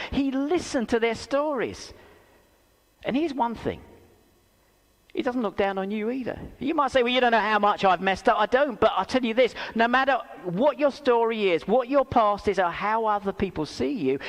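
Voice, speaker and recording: A man preaching a sermon in a church, telling stories with self-deprecating humour and asking rhetorical questions. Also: high-pitched. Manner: animated storytelling with rhetorical questions. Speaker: pastor. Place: church hall. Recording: reverberant church hall.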